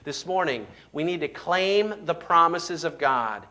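A man's voice: fairly high pitch, expressive, measured pace, sharp tone. A pastor delivering a sermon, preaching emphatically, reading scripture aloud and often restarting his sentences.

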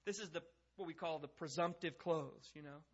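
A man's voice: on the high side, moderate pace, breathy edge, muffled recording. A male pastor giving a conversational sermon, reading scripture and acting out the people in it, then praying. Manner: conversational preaching, acts out the speakers he quotes.

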